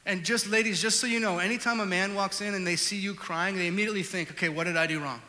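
A male pastor preaching a sermon, telling a personal story with animated swings between loud outbursts and hushed reflection. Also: high voice, quick pace, in a large hall.

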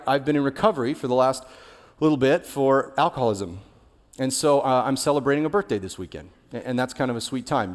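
Man preaching in a reverberant hall. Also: medium pitch. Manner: candid, conversational preaching with personal stories. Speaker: pastor. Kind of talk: sermon. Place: large church hall. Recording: long reverb of a large hall.

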